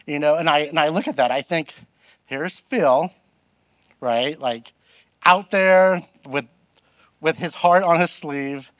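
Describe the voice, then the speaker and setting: Middle-aged man, guest pastor, lively storytelling sermon, self-deprecating, slightly high voice, dry close sound. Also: slow pace, pauses often, dry recording. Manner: animated, self-deprecating, acts out quoted voices.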